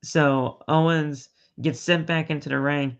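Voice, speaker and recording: A man co-hosting a podcast, retelling a wrestling match in an animated play-by-play way. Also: on the high side, measured pace, smooth. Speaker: podcast co-host. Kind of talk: casual wrestling recap. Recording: dull lo-fi podcast audio.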